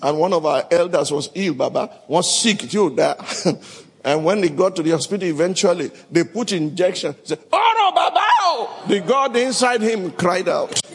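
A preacher with a husky, high-sitting voice speaks at normal speed, reading scripture and shouting dramatic bursts to a congregation who respond to his calls. The recording echoes through the large hall where they gather.

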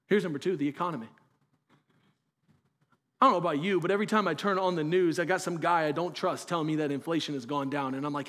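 Guy preaching, kinda high voice, earnest and chatty, keeps asking the crowd questions. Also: fast, fairly bright tone. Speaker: pastor. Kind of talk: sermon.

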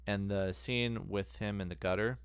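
A man's voice: fairly low pitch, fairly even intonation, moderate pace, smooth, no echo. A man co-hosting a podcast in casual chat, laid-back and rambling, with casual swearing. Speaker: podcast co-host.

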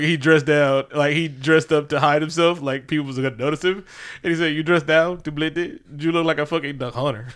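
Man, fairly high voice, casual movie chat, animated, laughing. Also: smooth. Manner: animated, laughs often, acts out quotes. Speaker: podcast co-host.

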